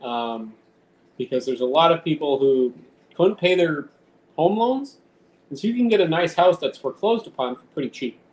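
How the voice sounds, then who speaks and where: A man's voice: fairly high pitch, lively intonation, moderate pace, darkish tone. A man live streaming from home in casual chat, teasing and talking to his cat. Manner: teasing, talks baby-talk to his cat. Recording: echoey room, faint background noise.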